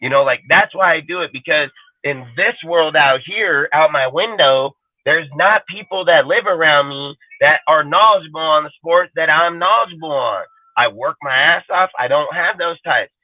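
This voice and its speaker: Swearing freely, this male fan show panelist delivers a blunt, emphatic rant on a live stream. His voice is a little high and moderately paced, heard over a phone-quality line with dry sound and no echo.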